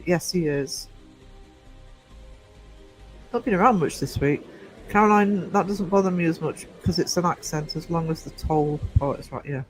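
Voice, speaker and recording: Chatty Northeast English man, high voice. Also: normal speed, pauses often, soft background music, low-quality recording. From England. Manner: chatty and rambling, teasing the chat with frequent fillers. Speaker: livestream host. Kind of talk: casual livestream chat answering viewer comments.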